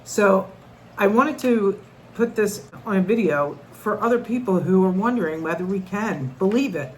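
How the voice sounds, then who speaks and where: A woman's voice: mid-range voice, animated, normal speed, slight background noise, low-quality recording. A middle-aged woman telling a personal story to camera in an earnest, conversational way, often restarting her sentences. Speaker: vlogger.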